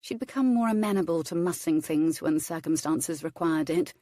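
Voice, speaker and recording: A woman's voice: low-pitched, moderate pace, hardly any pauses, dark tone, dry recording, clean studio sound. Woman narrating a romance audiobook.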